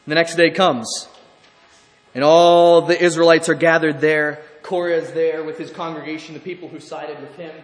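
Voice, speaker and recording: A man preaching a sermon in an animated way, putting questions to the congregation. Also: on the high side, moderate pace. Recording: echoey hall, faint room noise.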